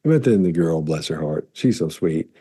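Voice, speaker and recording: Low dark-voiced man telling stories. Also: animated, moderate pace. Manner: rambling storyteller, restarts, throat clearing. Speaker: body language analyst. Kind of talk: casual talk to camera.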